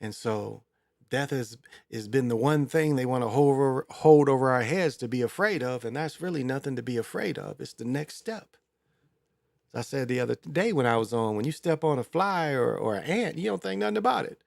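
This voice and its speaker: A man hosts his own show in a loose, rambling monologue, full of crude asides and fillers. His voice is gravelly, with plenty of fry, at an ordinary middle pitch. The sound is close and dry. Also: expressive, brisk, darkish tone, no room sound. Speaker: show host.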